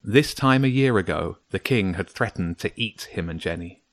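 A man reading a children's story aloud in a measured, steady way. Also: low-pitched, no echo. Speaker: narrator. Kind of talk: scripted storybook narration.

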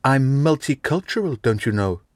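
A man's voice: medium pitch, expressive, normal speed, no echo, voice pushed up, close to an everyday voice. A man reading an audiobook, voicing a dry, stylish teenage French girl who talks teasingly.

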